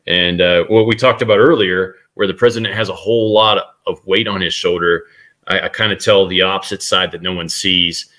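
A middle-aged man with a low voice and a bright, forward edge talks as a guest in an interview. He tells his stories earnestly and conversationally, as a practiced speaker would. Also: steady tone, fairly quick. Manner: earnest anecdotal storyteller. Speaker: guest author and leadership speaker. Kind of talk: conversational storytelling.

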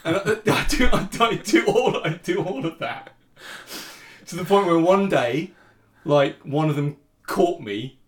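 A man's voice: high-pitched, echoey room, a little hiss or hum. A father telling a funny anecdote casually, with stammered repeats and frequent laughter. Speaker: father, podcast guest.

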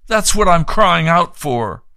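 A man's voice: on the high side, expressive, takes it slowly, creaky, bright, forceful tone, dry recording. Fervent man preaching close and dry. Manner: fervent, pleading. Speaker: radio preacher. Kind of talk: reading aloud and fundraising appeal.

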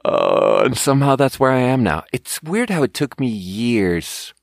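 This Swedish podcast host, who also waits tables at a restaurant, talks unhurriedly in a medium-pitched, creaky voice with huge swings in pitch. His casual monologue is a meandering, foul-mouthed, self-deprecating story, captured in clean studio sound without echo.

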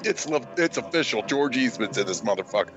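A man's voice: medium pitch, animated, fairly quick, lo-fi sound, music in the background. A man from Indiana, a guest on a podcast, trading profane, sardonic jokes in casual commentary banter. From Indiana, USA.

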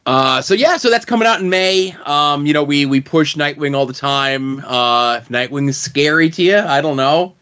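A man's voice: a little high, moderate pace, hardly any pauses, sharp tone, smooth, highs cut off. A man co-hosting a comics podcast in casual chat, rambling with lots of fillers. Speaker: podcast co-host.

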